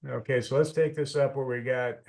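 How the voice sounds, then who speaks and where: A man's voice: mid-range voice, fairly even intonation, a little fast, darkish tone. A man giving a chatty speaking-club lesson on humor over a video call, telling stories with lots of restarts and self-corrections.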